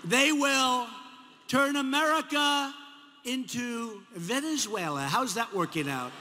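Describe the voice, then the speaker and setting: A man's voice: extremely high pitch, takes it slowly. A man in his seventies with a New York accent, giving a rambling campaign rally speech full of repetition and mocking asides in a large arena. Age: 70s. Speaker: politician. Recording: echoey arena, faint crowd noise.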